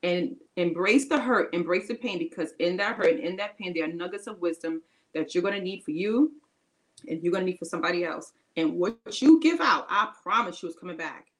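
Woman podcast co-host, fairly low voice, preachy and emphatic, repeats her points, loose casual grammar. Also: animated, a little fast, low-quality recording. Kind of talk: encouraging faith-based podcast talk.

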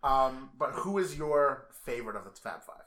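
A man co-hosting a podcast in casual chat, gushing and swearing freely and getting loud when excited. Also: medium pitch, moderate pace. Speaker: podcast co-host. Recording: roomy echo.

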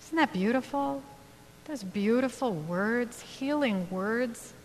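A woman minister giving a sermon in a church, speaking in a reflective way with gentle pauses. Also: a little high, animated. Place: church sanctuary. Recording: long hall reverb, faint hum.

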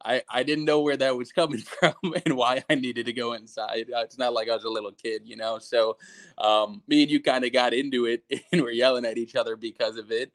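A man's voice: mid-range voice, fairly even intonation, a little fast, a bit bright, dry recording. Young adult man, podcast guest, hesitant, lots of fillers, chuckles, dry close sound. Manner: hesitant, many fillers, laughs while recalling. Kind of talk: casual chat.

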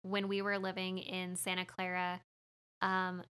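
A woman's voice: fairly low pitch, completely flat delivery, unhurried, sharp tone, clean tone. A young woman talking casually about a movie, chatty, laughing often and acting out lines.

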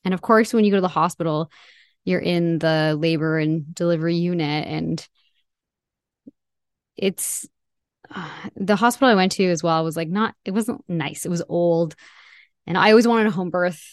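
Reflective woman with a low, dry voice. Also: dry recording. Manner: reflective, halting with frequent restarts. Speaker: interview guest. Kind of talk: personal storytelling in an interview.

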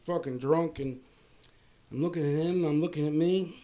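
A man with a notably high voice for a guy tells a rowdy personal story in loose conversation. He is crude and animated, peppering his talk with curses and laughter. He comes from Maryland. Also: moderate pace. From Maryland, USA. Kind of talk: casual profane anecdote telling.

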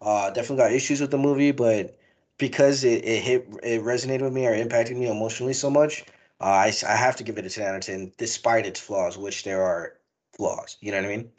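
A man's voice: mid-range voice, fairly even intonation, quick pace, darkish tone. A young man hosting a casual movie review podcast, talking in a rambling, profane, emotional way. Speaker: podcast host.

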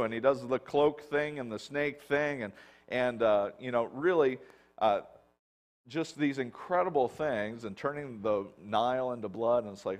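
A man's voice: mid-range voice, normal speed. Guy pastor giving a laid-back sermon, talks like he's just chatting, does little voices for the bible folks. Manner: casual, acts out biblical dialogue with lots of "like". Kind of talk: conversational sermon.

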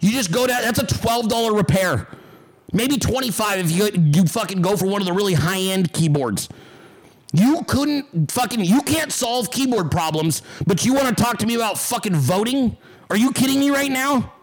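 A man's voice: high-pitched, animated, moderate pace, poor audio. A man hosting a livestream, ranting at his chat with heavy profanity and mocking sarcasm. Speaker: livestream host.

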